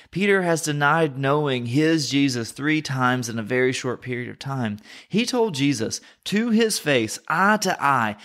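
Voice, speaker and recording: A man's voice: mid-range voice, a bit bright. A man from North Carolina with a Southern American accent, hosting a podcast and giving an earnest, reflective Bible teaching. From North Carolina, USA.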